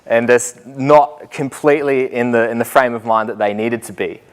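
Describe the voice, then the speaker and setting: A man's voice: mid-range voice, moderate pace. A young Australian man, a student teacher, tells stories to a group in a chatty, self-mocking way and laughs often as he talks. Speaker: student teacher giving a talk. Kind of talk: storytelling talk to a live group.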